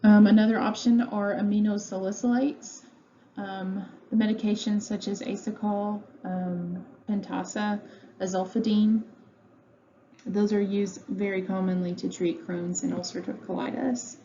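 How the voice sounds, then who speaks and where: A woman's voice: mid-range voice, level tone, measured pace, mellow. A woman teaching a pharmacy lecture from home, talking conversationally with many ums and uhs. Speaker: pharmacy instructor. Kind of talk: recorded lecture. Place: home room. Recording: dull lo-fi audio with faint noise.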